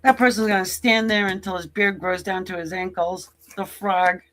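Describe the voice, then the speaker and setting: A woman's voice: medium pitch, fairly even intonation, moderate pace, a bit bright, a little hiss or hum. A woman giving a casual tarot reading to camera, blunt and joking, with sassy asides and casual swearing. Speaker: tarot reader.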